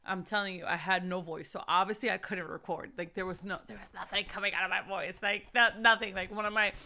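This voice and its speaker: A woman's voice: mid-range voice, fairly even intonation, a little fast, bright, forceful tone. A young woman hosting a faith podcast, talking earnestly and urging her listeners to keep going. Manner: earnest, preachy, urges the listener. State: recovering from losing her voice. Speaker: podcast host. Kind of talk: faith encouragement talk.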